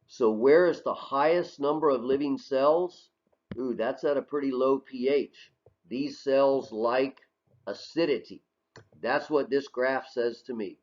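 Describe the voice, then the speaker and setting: A man teaching a recorded lesson, voice at an average pitch. He talks in a casual, conversational way, posing questions and then answering them himself. The audio is muffled and lo-fi. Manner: conversational, asks and answers his own questions, frequent "right?". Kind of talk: recorded classroom lecture over slides. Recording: dull lo-fi audio.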